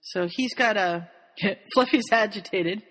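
A woman's voice: mid-range voice, takes it slowly. Chatty woman recapping a story, mid voice, lots of hall echo. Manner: animated, laughing, jumps into quoted voices. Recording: long hall reverb.

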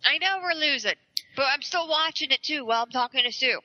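A woman on an online call chats casually, half distracted, tossing off quick asides. Her voice is very bright and sharp, pitched above most women. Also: animated, highs cut off. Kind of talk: casual chat.

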